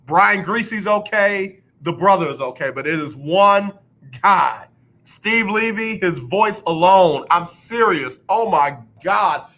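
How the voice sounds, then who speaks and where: This male sports radio host, speaking from the studio, takes his time, with lively intonation in a bright, forceful, slightly high voice. His rants are blunt and full of repetition for emphasis, broken by occasional exaggerated announcer impressions meant to mock others.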